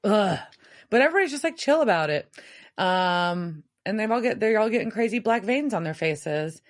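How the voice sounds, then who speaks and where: A woman's voice: medium pitch, a little fast. A young adult woman, a podcast co-host, recapping a TV episode in casual chat with wry asides. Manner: animated storyteller, wry asides.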